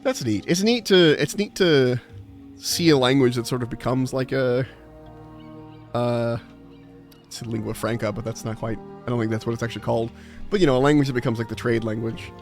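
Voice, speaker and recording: A male streamer talking to his chat at an ordinary middle pitch, wandering from point to point with plenty of fillers and restarts. He sounds easygoing and conversational, and faint music plays softly under his voice. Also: brisk. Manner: rambling, full of restarts and filler, laughs often. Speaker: game streamer. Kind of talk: casual chat with live viewers.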